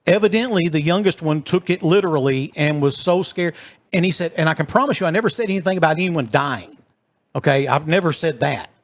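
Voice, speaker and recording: A fairly high-pitched man with a drawl spins a story for his co-host, jumping into the voices of everyone in it. His delivery is animated and chatty, a casual podcast storyteller. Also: brisk. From East Texas. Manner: animated storyteller acting out quotes.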